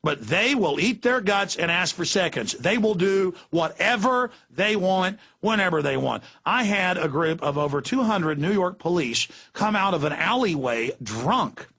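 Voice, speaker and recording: A man's voice: sits high, lively intonation, a little slow, hardly any pauses, sharp tone. A middle-aged man hosting political talk radio, ranting in a fiery, emphatic way. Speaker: radio talk show host.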